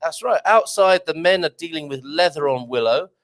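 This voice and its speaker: A man's voice: fairly high pitch, lively intonation, moderate pace, fairly bright tone. A man hosting a live morning show, chatting in a jokey way and laughing often. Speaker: host. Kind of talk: casual live show chat.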